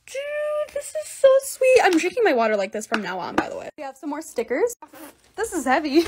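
A young woman narrating a casual home vlog, excitable and gushing, with quick asides to the viewer. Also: high-pitched, background noise. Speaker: vlogger.

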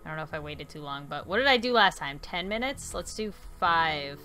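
A woman hosting a let's play, commenting in an excitable, exclamatory way and playfully threatening the game character. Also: sits low, a little fast, soft background music. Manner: excitable and exclamatory, openly frustrated. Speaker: gaming video host.

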